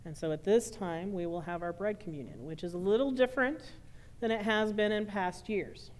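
A woman minister ending a sermon and then guiding her congregation through a bread communion in a relaxed, friendly way. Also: medium pitch, moderate pace. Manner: warm, informal, directing a congregation. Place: church sanctuary.

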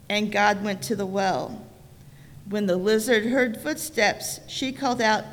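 Slow-reading woman storyteller in a church. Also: medium pitch, steady tone. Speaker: storyteller in a worship service. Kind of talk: reading a folk tale aloud. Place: church sanctuary. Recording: reverberant church sanctuary.

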